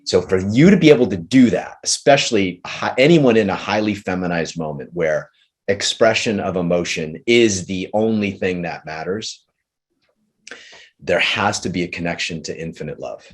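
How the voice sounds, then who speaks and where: A man leading a group session on relationships, talking earnestly and slowly, often restarting his sentences. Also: low voice, breathy edge. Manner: earnest, slow and searching, many restarts. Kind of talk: coaching talk with a participant.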